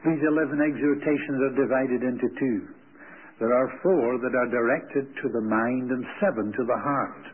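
A man preaching a sermon in a measured way, slowing down on key words to stress them. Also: medium pitch, fairly even intonation, breathy edge. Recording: tinny narrowband old recording with faint hiss.

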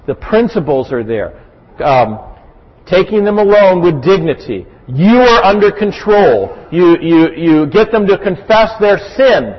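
A man preaching a sermon in an earnest way, often checking in with his listeners. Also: on the high side. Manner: earnest, with frequent "right?" check-ins. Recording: muffled, lo-fi recording in a reverberant hall.

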